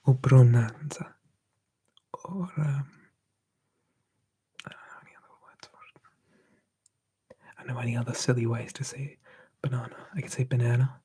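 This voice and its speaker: Brief: a man for a whispered ASMR live stream, soft, relaxed, husky whisper. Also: medium pitch, normal speed, long pauses. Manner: soft unvoiced whisper, relaxed, answering chat.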